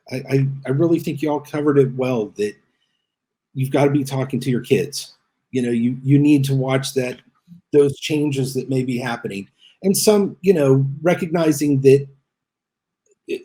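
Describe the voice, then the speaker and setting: Halting, mellow-voiced male teacher. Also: mid-range voice. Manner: halting, reflective, many fillers. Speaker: teacher guest. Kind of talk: panel discussion.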